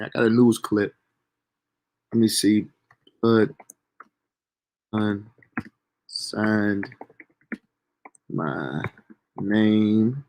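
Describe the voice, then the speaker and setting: A young man telling a story from his own life in a casual, animated, profane way. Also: fairly low pitch. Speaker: storyteller streamer.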